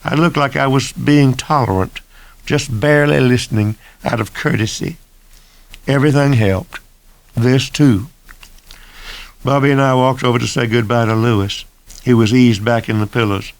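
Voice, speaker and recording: Man in his sixties narrating his own novel, gravelly and measured. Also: mid-range voice, steady tone. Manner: measured, deliberate first-person reading. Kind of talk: abridged audiobook narration.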